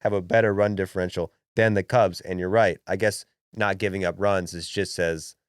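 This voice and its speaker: A young man co-hosting a podcast in casual sports chat, brash and animated, swearing freely. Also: sits low, normal speed, no room sound, studio quality. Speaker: podcast co-host.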